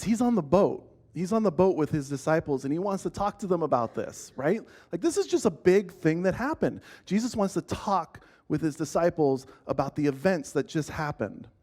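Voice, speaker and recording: A man's voice: on the high side, a little mellow. Casual man teaching a church lesson. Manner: casual, conversational, asking the group questions; frequent restarts and filler words.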